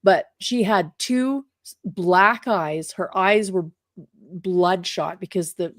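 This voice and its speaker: A woman's voice: on the low side, takes it slowly, no room sound, clean studio sound. A middle-aged woman co-hosting a casual chat, telling stories in an emphatic, chatty way. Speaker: podcast co-host.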